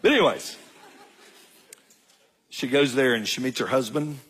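A middle-aged man, telling a folksy story in a sermon and acting out the dialogue with big jumps in pitch. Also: measured pace, fairly bright tone, husky. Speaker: guest speaker.

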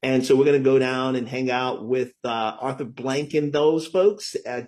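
A middle-aged man talking as a guest author in an interview, enthusiastic and often tagging his points with "right?". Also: mid-range voice. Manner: enthusiastic, keeps asking "right?". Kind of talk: conversational interview talk.

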